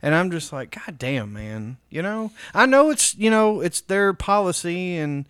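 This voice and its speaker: A man's voice: high voice, very animated, unhurried, fairly bright tone, clean tone, dry recording, clean studio sound. A man co-hosting a podcast, joking crudely and swearing in casual banter. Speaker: podcast co-host. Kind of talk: casual chat.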